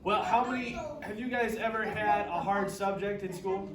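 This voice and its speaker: A man's voice: sits high, normal speed, crowd noise. A man hosting a children's program, encouraging the kids and asking them lots of questions. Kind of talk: leading a children's group lesson. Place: large room with children. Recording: echoey room, distant mic, dull, children around.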